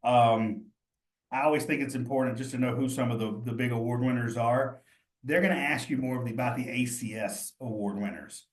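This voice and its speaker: A man's voice: mid-range voice, brisk. Casual man thinking aloud, echoey room. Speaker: cheese exam tutor. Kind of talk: study session walkthrough.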